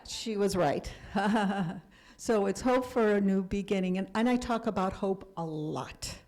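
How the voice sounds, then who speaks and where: A woman in her seventies giving a talk about her life, speaking earnestly and sometimes dropping to a hush for emphasis. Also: medium pitch, measured pace, rough recording. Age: 70s. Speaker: guest speaker. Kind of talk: personal storytelling lecture.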